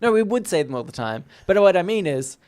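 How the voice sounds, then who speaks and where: A man's voice: high voice, quick pace, clear, resonant tone. An Australian man co-hosting a podcast, chatting casually and joking, laughing often. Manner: jokey, lively, laughs often. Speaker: podcast co-host. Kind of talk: casual chat.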